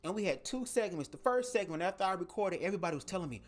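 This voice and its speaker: A man hosting a casual livestream, talking straight to his viewers in an animated, profane way from a home setup at his microphone. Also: sits high, very fast, hardly any pauses. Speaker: livestream host. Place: home setup, speaking to camera. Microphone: desk microphone.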